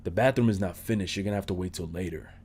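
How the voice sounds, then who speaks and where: A man voicing a creepy male apartment host who speaks softly and slowly. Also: deep voice, a little hiss or hum, pitched below the performer's own voice, natural voice. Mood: gently creepy. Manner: soft, slow and quiet.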